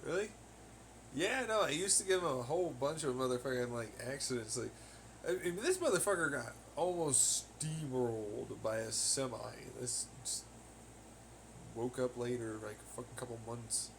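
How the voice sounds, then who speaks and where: A man's voice: mid-range voice, lively intonation, normal speed, fairly bright tone, slight background noise. A young man rambling casually on his own podcast, cursing heavily as he rants. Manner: heavy swearing, ranting. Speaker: podcast host. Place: home on laundry day.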